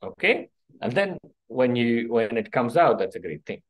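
A middle-aged male doctor, husky and very animated at a moderate pace, gives a hands-on first-aid workshop in a medium-pitched voice. The recording is low in quality; he checks in often with "okay?" and "right?".

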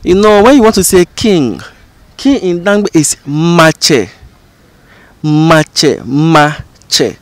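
A man teaching an informal lesson as a channel host, explaining slowly and repeating example phrases. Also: high-pitched, lively intonation, darkish tone, no echo. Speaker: language educator and channel host.

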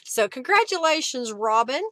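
A woman's voice: high voice, sing-song, moderate pace, bright, forceful tone, no room sound. A woman hosting a live craft session, chatting casually and reading viewer comments aloud with frequent laughs. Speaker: craft livestream host.

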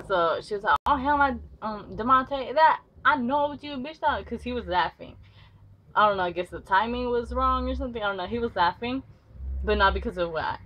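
A woman vlogger telling a school story casually, rambling with many fillers and free swearing. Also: medium pitch. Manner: rambling, lots of "like", swears freely. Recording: slightly dull with faint noise.

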